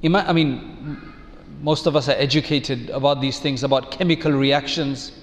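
A man giving a measured, reflective sermon as an Islamic preacher, using rhetorical questions. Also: medium pitch, fairly even intonation, in a large hall.

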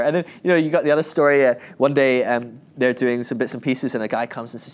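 A man's voice: medium pitch, fast, hardly any pauses. A man giving a casual Bible teaching talk, rambling with restarts and acting out the people in the stories. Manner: animated storytelling, acting out quoted voices; rambling with many restarts and asides.

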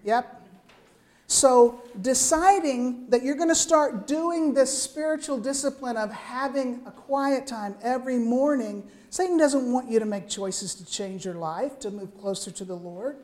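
Older female preacher, slightly high voice, chatty sermon delivery that keeps checking in with the room. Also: a little slow. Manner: lively, conversational, frequent "right?" asides.

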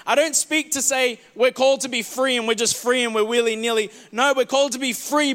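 A man preaching a sermon to a church congregation, passionate, repeating words and moving between loud declarations and soft asides. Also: extremely high pitch, fairly even intonation, brisk, hardly any pauses. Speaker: pastor. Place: church hall.

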